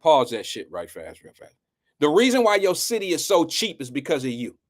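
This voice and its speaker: A man's voice: on the high side, huge pitch swings, fairly quick. A man hosting a live show, giving blunt and preachy casual commentary.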